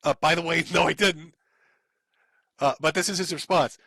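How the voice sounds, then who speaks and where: A man's voice: on the high side, fairly even intonation, moderate pace, creaky, pushed and bright, breathy edge, no echo, poor audio. A man streaming, giving sarcastic, profane commentary while reading out posts and chuckling often.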